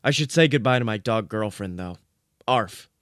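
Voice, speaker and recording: A man voicing a big, anxious male dog, the younger brother, with high, strained barking yelps. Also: animated, normal speed, a bit bright, dry recording, studio quality. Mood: hesitant.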